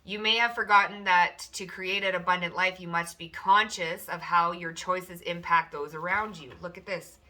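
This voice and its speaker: At home, a woman gives a chatty, loose pick-a-card tarot reading at normal speed with few pauses. She often slips into high, animated voices for the people she describes.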